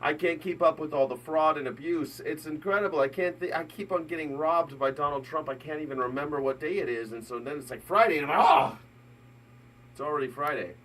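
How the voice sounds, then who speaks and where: A man's voice: a little high, quick pace, few pauses, slight background noise. A middle-aged man hosting a live news reaction stream, chatting casually and rambling with frequent laughs. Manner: rambling, jokey, laughs often, bursts into shouted mock voices. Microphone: desk mic.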